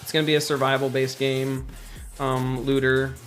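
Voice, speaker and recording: A man's voice: mid-range voice, completely flat delivery, normal speed, a bit bright, soft background music. Chatty man streaming his game development. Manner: rambling, chatty, answers viewer questions. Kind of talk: casual livestream chat.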